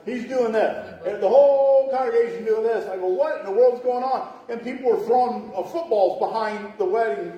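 A man's voice: sits high, normal speed, hardly any pauses, dull audio. A middle-aged man, a pastor, telling humorous wedding stories in a chatty sermon with laughing asides and acted-out voices. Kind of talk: storytelling sermon. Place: church sanctuary. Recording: echoey church hall from far off.

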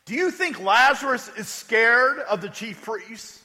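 A man preaching a sermon in a lively, conversational style, with joking asides and questions to the congregation. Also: very high-pitched, measured pace. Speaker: pastor. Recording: echoey hall.

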